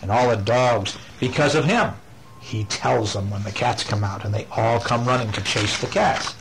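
A father reading a picture book aloud to his child at home, playful and animated, with chatty asides. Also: medium pitch, moderate pace, slight background noise, low-quality recording. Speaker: father reading a bedtime story.

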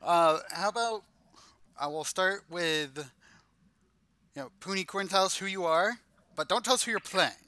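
Casting: male game master, bright slightly high voice, dry sound. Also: normal speed, long pauses, smooth, dry recording. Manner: chatty, laughs often. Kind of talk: running a tabletop game.

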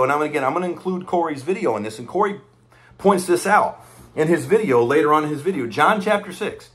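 A man's voice: fairly high pitch, fairly bright tone. A man giving impassioned, conversational preaching commentary, repeating his points with emphasis. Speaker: online preacher commenting on church news.

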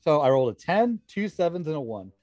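A man playing a tabletop game in a slightly high voice. He speaks casually, with a wry, grumbling edge. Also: big pitch swings, quick pace, dark tone, no room sound. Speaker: player.

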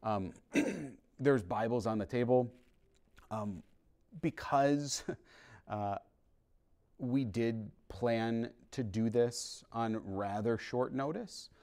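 A male priest telling his conversion story to a parish class in an earnest, halting way, with many restarts. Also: mid-range voice, a little mellow. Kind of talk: informal testimony to a parish class. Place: parish hall.

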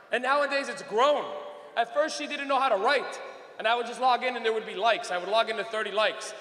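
On a club stage, a loud male comedian swears his way through a stand-up routine into a handheld mic. His voice is high and bright for a man, his delivery brisk, and a long hall reverb rings around every line.

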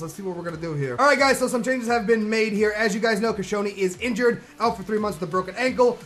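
A man commentating on his own football video game, excitable and slangy, who shouts at the plays. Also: sits high. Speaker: gaming commentator.

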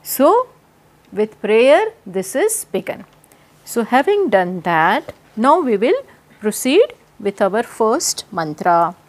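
An Indian woman teaching scripture, speaking slowly and deliberately and answering her own questions as she explains. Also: a little high, sing-song. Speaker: spiritual teacher. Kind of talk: scripture lecture with chanting. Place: home in Massachusetts.

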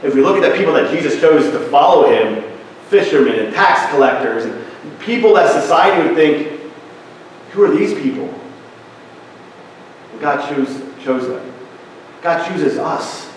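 A man preaching a church sermon in a conversational tone, with asides and small restarts. His voice sits a bit high for a man. It is picked up from across a strongly echoing sanctuary, with faint room sound behind. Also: animated, moderate pace, slight background noise. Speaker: pastor. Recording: echoey church hall from a distance.

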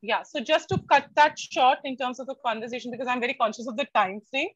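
A woman with an Indian English accent giving an online university lecture, lively and expressive, slipping into Hindi for everyday examples. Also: sits high, quick pace, husky, dry recording. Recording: dry, dull lo-fi online call.

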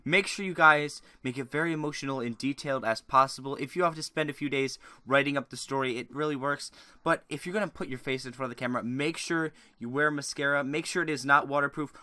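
A man's voice: mid-range voice, fast talker, pushed and bright, no room sound. A man giving sarcastic, crude reaction commentary with mocking, rambling asides. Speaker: YouTube commentator.

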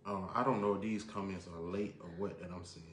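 A man, a guest on a casual live-stream chat, laying out his opinions in a measured, down-to-earth way. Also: low-pitched, fairly even intonation. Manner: measured, explains his view with everyday examples. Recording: echoey room.

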